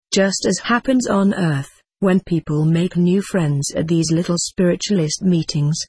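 A narrator reading an old book aloud in an even, measured way, giving quoted speakers the same voice as the narration. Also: medium pitch, slightly rough, no echo.

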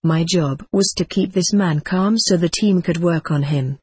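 A narrator telling a first-person story in a measured, steady audiobook reading. The voice is husky and mid-pitched. The recording is dry and close. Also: no echo.

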